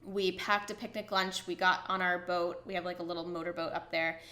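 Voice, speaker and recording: A woman's voice: on the low side, fairly quick. Bubbly young woman gushing in a roomy echo. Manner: gushing, excited, with frequent "like" fillers. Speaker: vlogger. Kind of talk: casual storytelling to camera.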